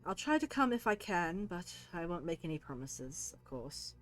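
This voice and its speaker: A woman's voice: lowish voice, big pitch swings, moderate pace, fairly bright tone, faint music behind. A woman voicing a tired adult man who is recovering from illness and speaks in a subdued murmur, in a tabletop game. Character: weary, recently ill adult man.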